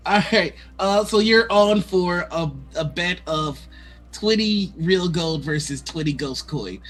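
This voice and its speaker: A woman running a tabletop game as game master, laughing often between lines. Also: lowish voice. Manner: laughs often, drawn-out delivery. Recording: faint music behind.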